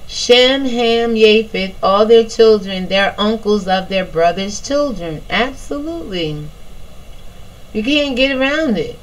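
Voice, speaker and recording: Slow, deliberate woman teaching the Bible. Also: medium pitch, poor audio. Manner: slow and deliberate, drawing out lists of names. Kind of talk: casual Bible teaching, reading scripture aloud.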